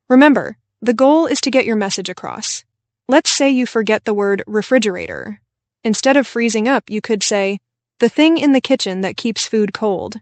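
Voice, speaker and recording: A woman with a fairly high voice co-hosts a scripted podcast for English learners. She explains tips in a clear, encouraging tone. The sound is dry and close to the mic. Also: no room sound. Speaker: podcast co-host.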